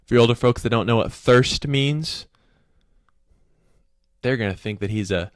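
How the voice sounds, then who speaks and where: A man's voice: medium pitch, moderate pace, pauses often, no echo, studio quality. A man hosting a casual commentary video, rambling, correcting himself mid-sentence and tossing in joking asides. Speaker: video host.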